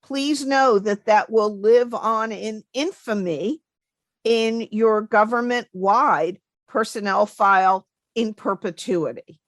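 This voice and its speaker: A woman co-hosting a career podcast, explaining things in a measured, deliberate way. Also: a little high, no echo. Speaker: podcast co-host, federal careers advisor. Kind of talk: casual chat.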